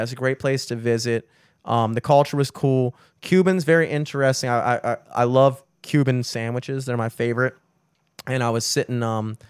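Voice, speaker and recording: A young man hosting a podcast, telling stories in a rambling, animated way with plenty of swearing. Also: medium pitch, smooth, dry recording, studio quality. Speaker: podcast host. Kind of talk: casual chat.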